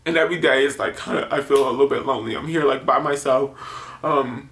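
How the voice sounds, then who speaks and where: A man's voice: mid-range voice, steady tone, quick pace, fairly bright tone. A man in his twenties telling a personal story in a casual confessional vlog, rambling with many filler words and nervous laughs. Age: 20s. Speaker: YouTuber. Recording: roomy echo.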